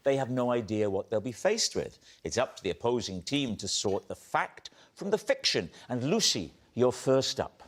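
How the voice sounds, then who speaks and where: A man's voice: medium pitch, very animated, moderate pace, hardly any pauses. A man hosting a TV panel show, introducing guests and teasing them with playful wordplay. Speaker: host. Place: TV studio with live audience. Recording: loud studio audience and noise.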